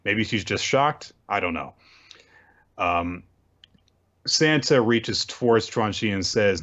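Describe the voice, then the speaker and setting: A man's voice: fairly low pitch, animated, slow pace, long pauses, a bit bright. A man casually recapping manga chapters as a podcast co-host, with dry joking asides. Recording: dull lo-fi audio.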